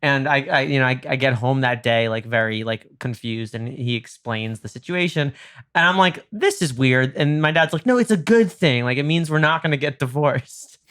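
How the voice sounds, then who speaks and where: A man's voice: medium pitch, moderate pace, smooth. A male podcast host telling a story in casual chat, acting out quoted lines with lots of fillers. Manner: animated, acts out quotes, many fillers.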